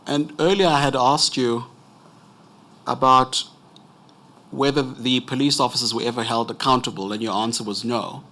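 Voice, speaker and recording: A South African man questions a witness at a formal inquiry. He speaks politely and in a measured way, with courteous phrasing. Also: medium pitch, steady tone, pushed and bright. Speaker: advocate leading evidence.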